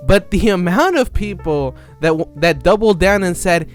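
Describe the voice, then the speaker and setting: A man's voice: sits high, moderate pace, soft background music. A man delivering a sarcastic, rambling comedic monologue that keeps interrupting itself. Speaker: commentary creator.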